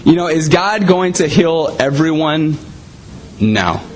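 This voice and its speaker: A man's voice: a little high, expressive, slow, slight background noise, low-quality recording. A man preaching a sermon in a conversational way, often saying "you know".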